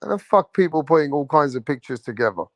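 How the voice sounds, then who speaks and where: A man hosts a boxing show in a loose, slangy livestream chat aimed right at his viewers. His voice sits somewhat high for a man. The sound is dry and close, with no room echo. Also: very animated, fast. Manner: slangy, laughing, talks straight to viewers.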